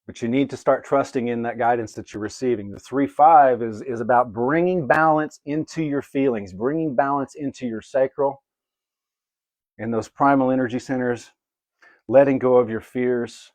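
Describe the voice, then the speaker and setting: A man's voice: medium pitch, normal speed, a little mellow, no echo. Casual man doing live card readings. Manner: casual, swears, greets viewers by name. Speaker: livestream card reader.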